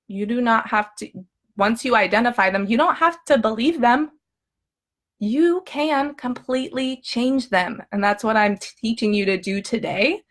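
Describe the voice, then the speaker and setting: An emotional eating coach speaks to viewers in a live talk, her medium-pitched voice fairly bright. She's upbeat and chatty, keeps checking in with "okay?", and dramatically acts out her own inner thoughts.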